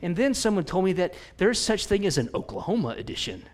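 A man in his forties preaching in a conversational, animated way, telling stories with frequent restarts. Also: high voice, fairly quick. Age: 40s.

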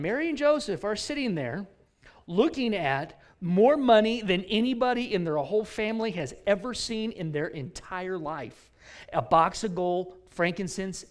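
A man preaching a sermon in a fairly high voice. He retells the story with lively energy, rising loud on key points and dropping to a near whisper on others. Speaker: pastor.

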